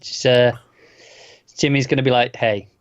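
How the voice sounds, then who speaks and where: A man makes wry, incredulous remarks in a casual podcast chat. His voice sits at a middle pitch. The recording is dry and a little dull in the highs. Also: a little fast, no echo. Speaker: podcast co-host.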